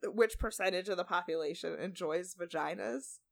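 A woman's voice: on the low side, normal speed, creaky. A woman co-hosting a podcast, chatting animatedly with blunt opinions and easy laughter. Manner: animated, laughs easily, makes blunt side points. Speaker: podcast co-host. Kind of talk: casual chat recapping a reality show.

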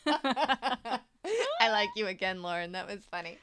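A woman's voice: medium pitch, expressive, a little slow, a bit bright, clear, resonant tone. Swearing, laughing woman podcast co-host. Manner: swears freely, laughs often. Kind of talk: casual chat, reading listener stories.

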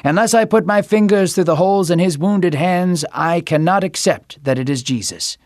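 A man's voice: high voice, moderate pace, no echo, studio quality, voice pushed up, close to an everyday voice. A man voicing the doubting disciple Thomas, speaking in an insistent, pained way.

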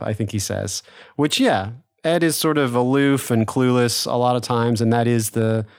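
In a clean studio recording with no room sound, a podcast co-host speaks at medium pitch and normal speed. His talk about the episode is a casual chat full of laughter, with sentences that fade out into fillers.

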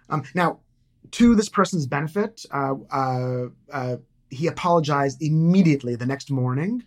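A man's voice: a little high, breathy edge. A middle-aged man talking casually as a podcast guest, hesitant, with many fillers and restarts. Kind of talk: casual conversation.

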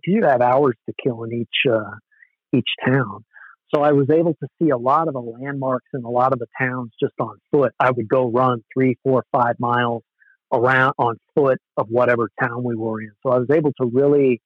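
A man casually telling an animated, loose, swearing story about touring as a musician. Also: mid-range voice, no room sound. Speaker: musician guest. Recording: dull, lo-fi sound.

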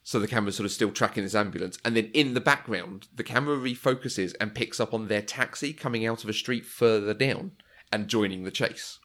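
A man with a slightly low voice chats casually about films. He is enthusiastic, laughs often and sometimes slips into quoted lines. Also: a little fast, a bit bright. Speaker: podcast co-host. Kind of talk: casual film discussion.

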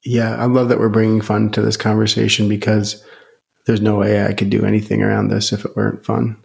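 A man's voice: fairly low pitch, monotone, fairly quick, gravelly, darkish tone. A man talking on a podcast in a casual, enthusiastic way, with lots of "you know" fillers. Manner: enthusiastic, rambling with many fillers. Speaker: podcast guest.

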